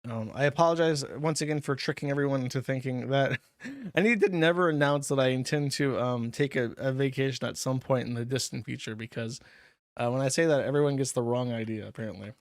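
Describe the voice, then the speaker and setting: A man's voice: mid-range voice, fairly quick, dry recording, studio quality. A man hosting a livestream, reading paid chat messages and riffing on them in a casual, profane, rambling way with frequent laughs.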